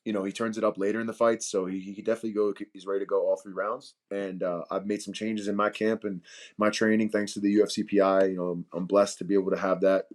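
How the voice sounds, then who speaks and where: A young man talks easily in an interview over a video call, loose and slangy. His voice sits on the low side, and he often breaks into laughter between thoughts. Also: level tone, fast talker, a little mellow. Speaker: UFC welterweight fighter. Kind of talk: casual interview chat.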